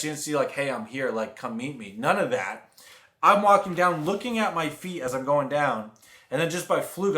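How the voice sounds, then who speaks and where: A young man telling a rambling, animated story to his viewers in a casual vlog. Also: fairly high pitch. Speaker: vlogger. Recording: echoey room.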